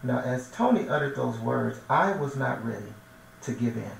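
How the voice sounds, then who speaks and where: A man's voice: mid-range voice, expressive, normal speed, vocal fry. Earnest male minister in an echoey room. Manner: earnest, emotional, repeats himself while searching for words. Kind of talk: heartfelt personal testimony. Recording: echoey room, distant mic, faint noise.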